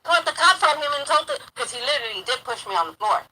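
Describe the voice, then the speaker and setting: Young woman ranting her story, high voice, cussing a lot, gets fired up. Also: lively intonation, quick pace, pushed and bright, low-quality recording. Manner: profane, heated, rambling. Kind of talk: casual storytelling.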